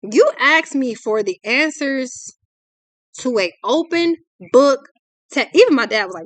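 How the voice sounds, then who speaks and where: A woman's voice: sits high, expressive, a little slow, dry recording. A young adult woman, giving a ranting tarot reading in a blunt, exasperated, profane way. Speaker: tarot reader.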